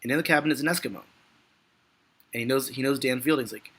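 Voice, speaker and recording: A man's voice: mid-range voice, fast talker, a bit bright, breathy edge. A man giving live stock market commentary in a rambling, frustrated, joking way.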